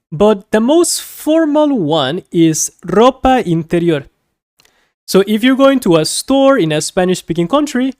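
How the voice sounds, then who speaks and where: A woman teaching a beginner Spanish lesson, repeating each word slowly and carefully, with light laughs as she explains. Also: mid-range voice, darkish tone, no echo, clean studio sound. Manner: slow, careful repetition of words.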